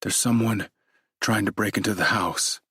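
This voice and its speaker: A man's voice: on the low side, fairly even intonation, moderate pace, vocal fry, fairly bright tone, slightly rough, dry recording, studio quality, exaggerated voice. A man voicing a tense, alarmed male governor who speaks in urgent commands. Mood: insistent. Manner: urgent and commanding, breathless when scared.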